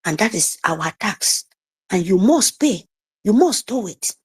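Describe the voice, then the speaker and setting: A woman's voice: mid-range voice, big pitch swings, slightly rough. Woman pleading emphatically. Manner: exhorting, repetitive, slow emphatic pleading. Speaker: guest speaker. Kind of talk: impassioned speech on a group audio call.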